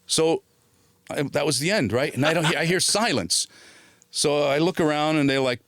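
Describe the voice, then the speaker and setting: Speaking fast in a medium-pitched voice, a middle-aged Italian-born man raised in New Jersey guests on a casual interview as an actor. He tells an animated story, voicing the other people in it and swearing freely. The recording is dry and of studio quality.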